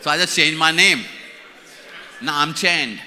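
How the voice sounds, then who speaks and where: A man's voice: a little high, measured pace, noisy background. A man in his sixties from India with an Indian accent, giving a playful church leadership conference talk and repeating key words for emphasis. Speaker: conference speaker. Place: large conference hall. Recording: reverberant hall.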